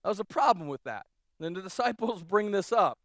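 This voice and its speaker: A male pastor preaching a sermon, telling stories in a casual, animated way with many restarts. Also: sits high, brisk, no room sound, clean studio sound. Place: church auditorium.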